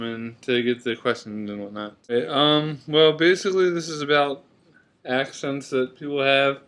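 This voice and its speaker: A man's voice: mid-range voice, fairly bright tone, clean tone. Casual man reading a word list. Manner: reads word list, comments offhand. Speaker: vlogger. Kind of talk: casual accent tag video. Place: indoors at a computer. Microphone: webcam at computer.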